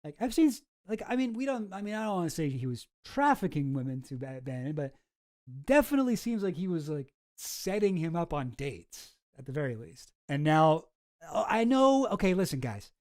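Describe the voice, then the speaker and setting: A man's voice: on the high side, sing-song, normal speed, darkish tone, no room sound, studio quality. A man hosting a casual commentary, reading messages aloud with sarcasm, laughter and swearing. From outside the US. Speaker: commentary host.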